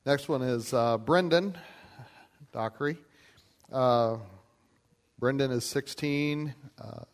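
A man introducing the next speaker at a very slow, measured pace. His mid-pitched voice rings out with a long hall reverb, as if picked up from across a big room. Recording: reverberant hall, mic at a distance.

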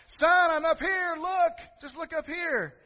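Man voicing a pleading father, high strained calls, desperate, echoing hall, dull lo-fi sound. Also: big pitch swings, takes it slowly, vocal fry, heavily acted. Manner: pleading, calling out loud from a window. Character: desperate hospitalized father calling to his son.

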